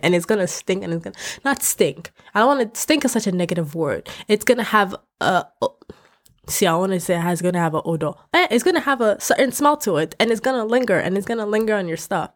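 A young woman from West Africa hosting a podcast, talking candidly in an animated, ranting way. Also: medium pitch. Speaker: podcast host. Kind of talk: casual podcast rant. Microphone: podcast microphone.

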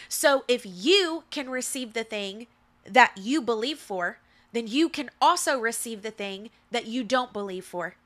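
Bright-voiced woman giving a faith talk. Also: on the high side, expressive, a little slow. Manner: emphatic and repetitive, preacherly. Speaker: podcast host. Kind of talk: faith-based motivational talk.

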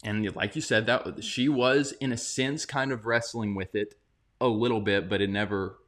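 A man's voice: fairly low pitch, fairly even intonation, moderate pace, fairly bright tone. Heated man co-hosting a talk show. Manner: heated, sarcastic, rising when worked up. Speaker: podcast co-host. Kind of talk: casual commentary chat.

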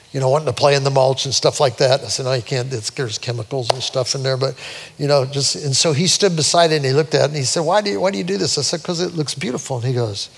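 Older preacher, high voice, echoing hall. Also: male voice, a bit bright, slight background noise. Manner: storytelling, rising to fervent high-pitched preaching. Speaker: pastor. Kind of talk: sermon. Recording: long reverb of a large hall.

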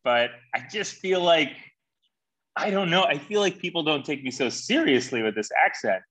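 A man's voice: a little high, animated, normal speed, fairly bright tone, breathy edge. A man co-hosting a podcast, teasing dryly in casual comedy banter. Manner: dry, teasing. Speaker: podcast co-host.

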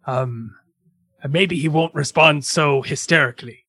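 A man's voice: fairly high pitch, unhurried, sharp tone, breathy edge, no room sound, studio quality. A man at a tabletop role-playing game, speaking in a wry, teasing, mentor-like way.

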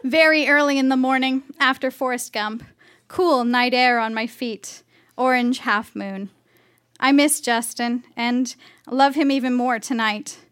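A woman's voice: high-pitched, steady tone, a little slow, fairly bright tone. A woman reading her old diary entries aloud on stage with comic sincerity. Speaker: reader of her teenage diary.

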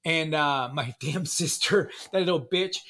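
Man, casual storyteller, somewhat high, forceful voice, halting and repetitive. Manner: rambling, halting, repeats words, says "man" often. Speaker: guest sharing recovery story. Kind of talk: casual conversation, personal storytelling.

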